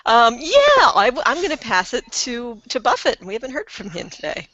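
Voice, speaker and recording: A woman on a casual podcast who speaks in an unhurried, giggly way. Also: a little high, huge pitch swings, heavy background noise. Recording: dull lo-fi sound.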